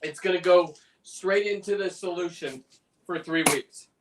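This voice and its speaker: A man's voice: high-pitched, measured pace, distant mic, noisy background. A man in casual chat, rambling and talking through a demonstration as he works. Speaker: guest on a fishing livestream, lobster preparer. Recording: away from the mic.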